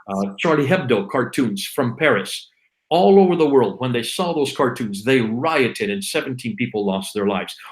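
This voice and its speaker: A man's voice: medium pitch, low-quality recording. A man giving an impassioned, preaching monologue on a livestream, exhorting listeners with repeated, emphatic refrains. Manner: fervent, exhorting. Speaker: livestream co-host, Christian apologist.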